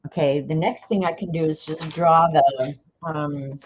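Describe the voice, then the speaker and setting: Middle aged lady chatting on her art stream, kinda low voice, muffled lofi sound. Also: steady tone, measured pace. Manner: chatty, talks to herself while working. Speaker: art livestream host. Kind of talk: casual chat while drawing. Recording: dull lo-fi stream audio.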